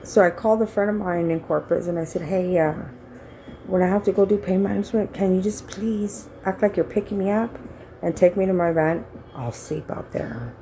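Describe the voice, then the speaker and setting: A middle-aged woman tells a rambling story in a casual vlog, blunt and salty, acting out the lines of the people in it. Her voice sits low and mellow. A faint hiss of room noise stays behind her. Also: fairly even intonation, normal speed, poor audio. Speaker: vlogger.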